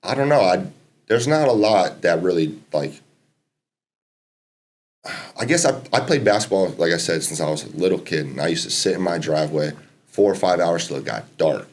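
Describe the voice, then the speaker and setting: Relaxed young man, casual and profane. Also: deep voice, normal speed. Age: 20s. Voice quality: laid-back, swears freely, laughs often. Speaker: podcast guest, college basketball player. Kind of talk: casual podcast chat.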